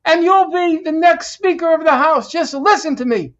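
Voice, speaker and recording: A man's voice: extremely high pitch, normal speed, fairly bright tone, dull audio, voice pushed up. A man mockingly voicing a pushy female party leader who scolds a younger colleague.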